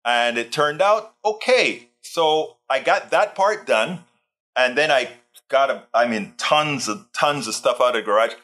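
A man's voice: medium pitch, lively intonation, unhurried, pushed and bright. A man hosting a casual live stream, chatting in a rambling way and reading out viewer comments. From Texas. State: tired, sore back. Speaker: livestream host.

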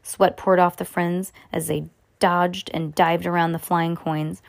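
A woman reading a children's chapter book aloud, stumbling and rereading as she goes, giving the characters lively voices. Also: fairly low pitch, a little slow, creaky. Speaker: reader.

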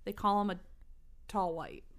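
A woman's voice: medium pitch, steady tone, normal speed, smooth. A young woman co-hosting a casual podcast chat, teasing her friend and laughing often. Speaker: podcast co-host.

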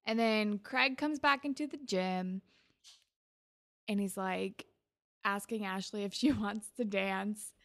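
A woman's voice: medium pitch, takes it slowly, long pauses, a bit bright. A woman casually recapping a TV episode as a podcast co-host, chatty with many fillers. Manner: chatty, filler-heavy, laughs easily.

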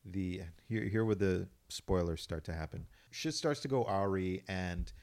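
A man's voice: deep voice, a little slow, a little mellow. A man co-hosting a casual radio talk show, rambling, swearing and laughing often. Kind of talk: casual chat.

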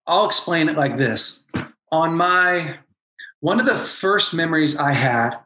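A man's voice: a little high, sharp tone, echoey room. A man and former pastor, talking as a podcast guest and telling an emotional personal story with earnest intensity. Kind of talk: candid podcast conversation.

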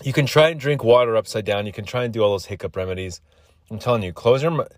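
A man's voice: mid-range voice, quick pace, dry recording. A man hosting a solo podcast, rambling crudely and getting irritated as he goes. He has the hiccups. His voice sits close and dry on the mic, with no room around it. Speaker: podcast host.

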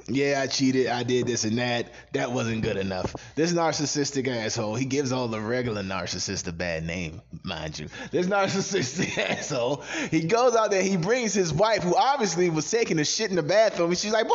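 A man ranting on a casual podcast, loud, profane and animated, laughing at his own jokes. His voice sits at an ordinary pitch. The recording sounds dull and lo-fi. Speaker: podcast co-host.

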